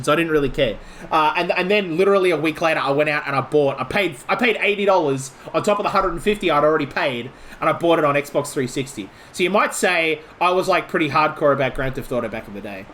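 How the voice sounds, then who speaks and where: A man's voice: a little high, a bit bright. A man from Melbourne with an Australian accent, chatting casually and rambling on a game live-stream. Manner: rambling, chatty, full of "like" and restarts.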